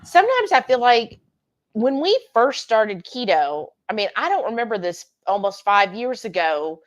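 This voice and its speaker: Higher-voiced woman chatting candidly. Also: big pitch swings, moderate pace, muffled recording. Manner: candid, rambling, full of restarts. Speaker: livestream host. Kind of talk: casual chat.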